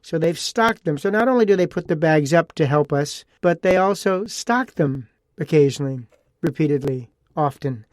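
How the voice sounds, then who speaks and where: A man's voice: a little high, lively intonation, normal speed, no room sound. A man hosting a casual solo podcast talks on a close mic. He rambles in a chatty way, repeats himself and adds asides. The sound is dry and close, with no room around him. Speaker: podcast host.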